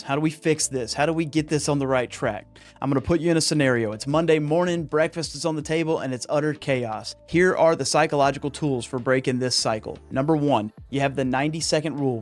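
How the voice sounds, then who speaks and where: A man hosting a podcast, delivering an earnest monologue on psychology with an emphatic, preacher-like delivery. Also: medium pitch. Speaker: podcast host.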